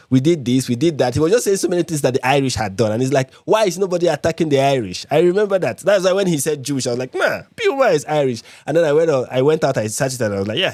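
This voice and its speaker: A man's voice: medium pitch, a little mellow, no room sound. A man from Nigeria hosting a live reaction stream, repeating his points with emphasis and many fillers. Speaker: livestream host.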